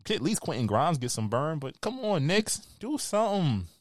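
A man with a New York accent, co-hosting a podcast with animated, profane ranting in casual banter. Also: a little high, normal speed, dry recording, studio quality. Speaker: podcast co-host.

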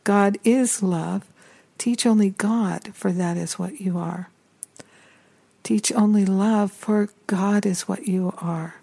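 A woman hosting a spiritual talk show, speaking gently and repetitively, with some passages like a prayer. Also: mid-range voice, steady tone, slow pace, creaky. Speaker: spiritual teacher and podcast host.

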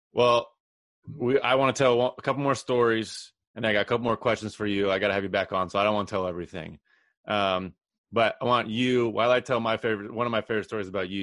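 A man's voice: on the low side, no room sound, studio quality. A man hosting a casual podcast chat, telling stories and acting out quotes with energy. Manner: animated storyteller, acts out quotes. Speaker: podcast host.

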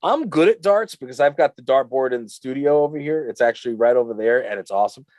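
A man's voice: medium pitch, animated, quick pace, a little mellow, no echo. A man co-hosting a podcast in casual chat, rambling and jokey, slipping into silly voices. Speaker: podcast co-host.

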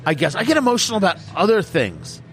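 A man's voice: high-pitched, huge pitch swings, quick pace, soft background music. A middle-aged man, a radio host, chatting casually with blunt, emphatic opinions. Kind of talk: casual chat.

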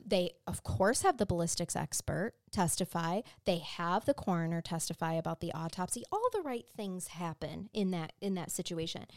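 A woman co-hosting a true-crime podcast, recounting the case in casual chat, with frequent restarts and quick agreement. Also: medium pitch, dry recording, studio quality. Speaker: podcast co-host.

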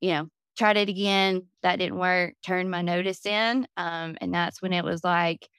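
A woman speaks candidly as a podcast guest, animated as she tells her story and full of fillers. Her voice sits low and sounds smooth and clear. The sound is dry and close, with no room around it. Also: a little slow, no room sound. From Florida. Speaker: podcast guest, business owner. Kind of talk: casual interview talk.

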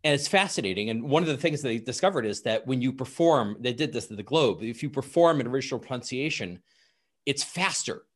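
A man at a middle pitch speaks as a podcast guest. He explains his favorite subject at length, with real enthusiasm, in a relaxed conversational way. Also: brisk. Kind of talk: casual podcast chat.

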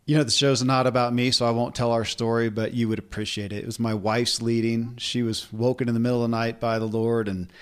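A man's voice: mid-range voice, flat delivery, brisk, few pauses, clean tone. A man hosting a podcast interview, easygoing and affirming. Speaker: podcast host. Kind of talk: conversational interview.

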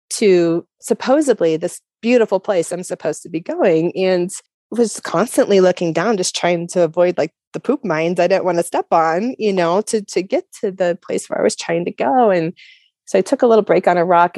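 A woman's voice: fairly low pitch, a little mellow, no echo, studio quality. A woman from Colorado telling her personal faith story as a guest, candid and chatty with lots of "like" and "you know.". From Colorado, USA. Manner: earnest and open. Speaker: guest sharing her testimony.

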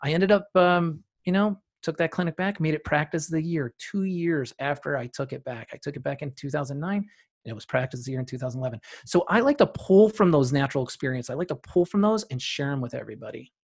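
A man guest on a podcast, telling stories from running a practice with emphatic repetition and loud rising bursts. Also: a little high, quick pace, slightly rough. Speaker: guest, practice owner and CEO. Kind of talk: podcast interview storytelling.

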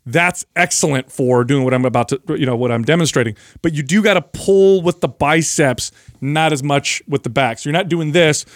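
A man co-hosting a casual fitness chat, telling stories and explaining exercises with lively energy. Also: fairly high pitch, normal speed, few pauses, no echo, clean studio sound. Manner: animated storyteller, explains while demonstrating. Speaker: podcast co-host.

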